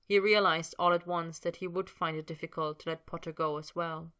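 Low-voiced woman narrating a story. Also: fairly even intonation, a little fast, a bit bright. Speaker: reader. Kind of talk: reading fan fiction aloud.

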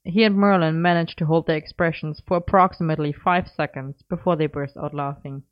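Female story narrator, low voice, measured; dull lo-fi recording. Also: steady tone. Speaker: audiobook narrator.

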